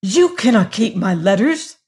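A man's voice: sits high, animated, slow, a little mellow, full character voice. A narrator voicing a cringing, blackmailing male servant who pleads with tremulous eagerness and turns silky. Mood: pleading, angry. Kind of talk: audiobook character reading.

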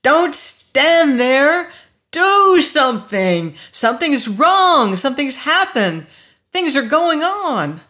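A narrator voicing a panicked male shopkeeper who shouts and pleads in a high, strained voice. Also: sing-song, takes it slowly, full character voice. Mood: frantic screaming.

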